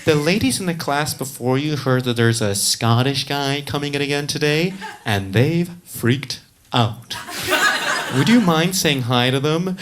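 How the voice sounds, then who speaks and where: A man's voice: fairly high pitch, a little slow, close to an everyday voice. A man doing a chirpy gym receptionist lady. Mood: gushing.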